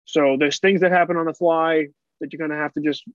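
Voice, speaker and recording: A man's voice: a little high, fairly even intonation, a little fast, dry recording, dull audio. A man hosting a podcast in loose casual chat, laughing often. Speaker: podcast host.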